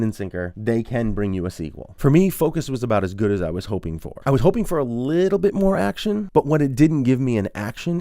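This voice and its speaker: A man's voice: medium pitch, warm tone, no echo, studio quality. A man hosting a casual movie review, talking in an upbeat, chatty way with playful asides.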